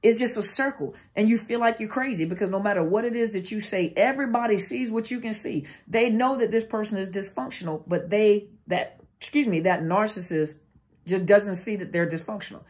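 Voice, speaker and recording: A woman therapist gives an informal educational talk on narcissistic abuse to camera, speaking conversationally and often searching for words and restarting. Her mid-range voice is brisk and a little mellow. It's recorded on the camera mic.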